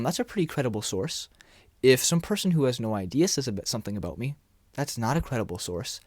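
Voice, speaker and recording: A man coaching viewers on confidence and dating in a relaxed, conversational way, sometimes acting out short exchanges. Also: mid-range voice, no echo. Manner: relaxed, conversational, acts out little dialogues. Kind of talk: casual talking-head advice.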